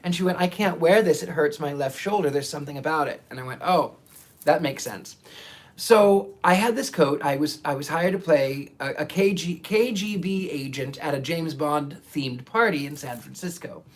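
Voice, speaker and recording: Speaking at a normal speed in a fairly high voice, a man runs a psychic livestream with easygoing chatter. He reads out viewers' comments theatrically and fondly, tripping over words and beginning again.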